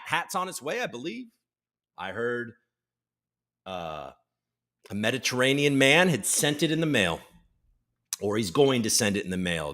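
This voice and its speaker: A man hosting a casual livestream chat, energetic and joking, swearing freely as he greets chatters by name. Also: mid-range voice. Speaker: livestream host.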